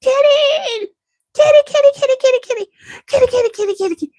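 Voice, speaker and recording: A tiny toddler girl calls out over and over in a shrill, squeaky voice that climbs far above normal speech, as a woman puts her on. It sounds close and dry, with no room echo, from a home basement. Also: quick pace, darkish tone. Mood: shrill calling. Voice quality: high squealing call. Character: excited two-year-old girl calling shrilly.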